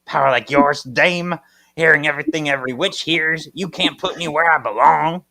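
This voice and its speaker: A man voicing a surly, quick-tempered tough guy with old gangster-movie slang. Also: on the high side, creaky, pushed and bright. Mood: defiant.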